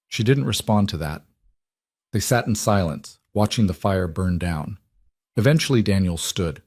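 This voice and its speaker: Male storyteller, lowish voice, measured pacing, dry close recording. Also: expressive, darkish tone, slightly rough, no echo. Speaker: narrator. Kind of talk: scripted story narration.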